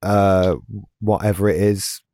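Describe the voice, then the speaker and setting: A man's voice: lowish voice, level tone, takes it slowly, mellow, dry recording. A man in his late thirties co-hosting a podcast, chatting casually in a laid-back, rambling way with restarts and wry asides. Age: late 30s. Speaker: podcast co-host. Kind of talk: casual chat.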